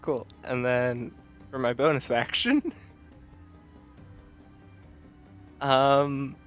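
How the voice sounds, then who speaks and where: Male player, slow and halting, slightly high voice, faint music behind. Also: fairly even intonation. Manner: hesitant, drawn-out, with soft laughs. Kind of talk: tabletop game play.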